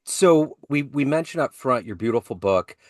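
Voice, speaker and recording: Animated male podcast host, dry sound. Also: medium pitch, moderate pace, dry recording. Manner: animated, laughing storyteller. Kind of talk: casual interview chat.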